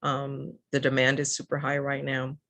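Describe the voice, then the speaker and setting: A woman's voice: very deep voice, completely flat delivery, moderate pace, a bit bright. An older woman from Southern California, a guest in a casual interview, talking earnestly with many fillers and restarts. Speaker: guest, EV advocate.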